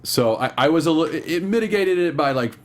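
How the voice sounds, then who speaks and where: A young man co-hosting a podcast in casual chat, joking and acting out quotes in high voices. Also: fairly quick. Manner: animated, jokey, acts out quotes in high voices. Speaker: podcast co-host.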